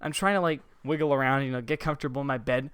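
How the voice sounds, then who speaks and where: A man's voice: mid-range voice, racing, fairly bright tone, clean tone, dry recording, studio quality. A young adult man hosting a casual podcast from a room above his garage, rambling through a story with a lot of swearing. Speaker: podcast host.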